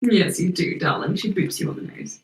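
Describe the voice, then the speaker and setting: A woman's voice: lowish voice, animated, moderate pace. Woman playing a doting fey grandmother. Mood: gracious. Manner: gushing, calls everyone darling. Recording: roomy, distant mic.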